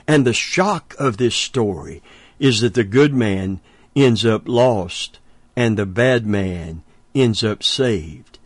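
A man's voice: on the low side, slow pace, slightly rough, no room sound. A man preaching a sermon, emphatic and chuckling between points.

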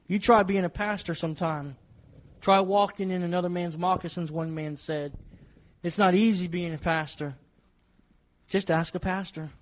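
A man's voice: high-pitched, fairly even intonation, moderate pace. A man preaching a sermon to his congregation, emphatic and repeating his phrases as he speaks straight to them. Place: church service with congregation. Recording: dull lo-fi recording.

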